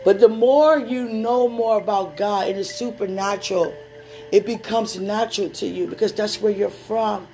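A woman preaching with an easy, chatty warmth. She moves between personal stories and slow, deliberate prayer, in a mid-range voice, with faint music underneath. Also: mid-range voice, steady tone. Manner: conversational, laughing asides, slows down for prayer. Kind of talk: sermon and prayer.

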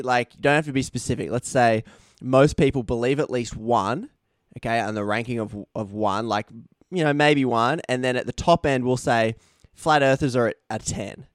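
A man's voice: mid-range voice, normal speed, clean tone, no room sound, clean studio sound. A man hosting a casual podcast interview, chatty and teasing his guest. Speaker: podcast host.

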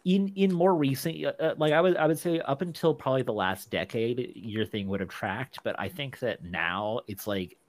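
A young man from Texas co-hosts a podcast, chatting casually in a medium-pitched voice at normal speed with few pauses. He tends to ramble and uses lots of filler words.

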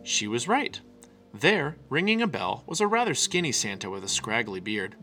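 A man reading a children's picture book aloud with an expressive, animated delivery. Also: medium pitch, normal speed, faint music behind. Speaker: storyteller.

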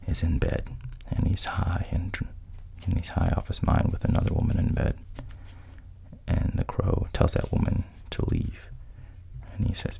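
Deep gravelly man retelling a film plot. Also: dark tone. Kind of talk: casual spoken retelling.

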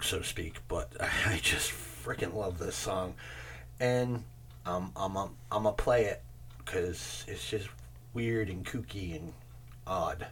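A man's voice: low-pitched, a bit bright, a little hiss or hum. A man in his forties hosting a music show, chatting casually and meandering between thoughts, with casual swearing. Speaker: show host presenting music tracks. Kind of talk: casual rambling music talk.

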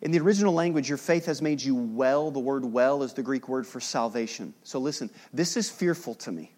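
A pastor delivers a sermon in a mid-range voice at a fairly quick pace. His tone is conversational with joking asides, shifting between loud emphasis and hushed, solemn passages.

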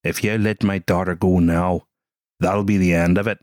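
A man's voice: steady tone, darkish tone, no echo, studio quality, natural voice. A man doing a grim Northern Irish tough guy. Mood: cold menace. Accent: attempted Northern Irish. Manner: low, slow, menacing and measured. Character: grim middle-aged man threatening a kidnapper.

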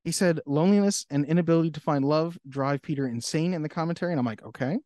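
A man's voice: on the high side, quick pace, warm tone, no echo, studio quality. A man co-hosting a podcast in casual chat, laughing often and acting out quotes. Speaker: podcast co-host.

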